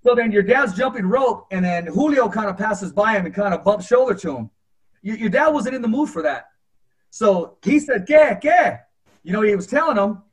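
High-voiced male boxing show host. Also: fairly quick. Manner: animated, acts out quotes. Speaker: podcast host. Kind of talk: storytelling in casual interview.

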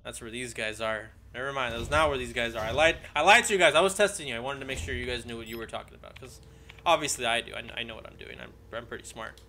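Jumpy, bright-voiced man gaming. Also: mid-range voice, fast talker, a little hiss or hum. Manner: jokey, jumpy, yelps when startled; reads in-game notes aloud. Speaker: let's play gamer. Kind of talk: horror game let's play commentary. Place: home room. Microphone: desk microphone.

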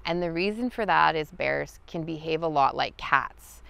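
A woman guiding an outdoor lesson in the forest, talking in a relaxed, chatty way with many fillers. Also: low-pitched, normal speed, gravelly, smooth, no room sound. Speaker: wild food guide. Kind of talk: outdoor teaching talk.

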